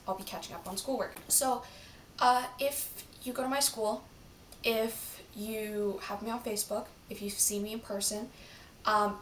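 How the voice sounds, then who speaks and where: A woman's voice: fairly high pitch, a little hiss or hum. Teen girl vlogger, casual rambling chat full of fillers; roomy sound from a mic set back. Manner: rambling, filler-heavy and chatty. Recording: roomy, from a distance.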